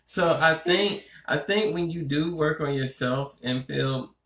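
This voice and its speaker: A man co-hosting a casual talk show, relaxed and easygoing, with many filler phrases. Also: on the high side, unhurried, echoey room, a little hiss or hum. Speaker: podcast co-host. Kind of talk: casual chat.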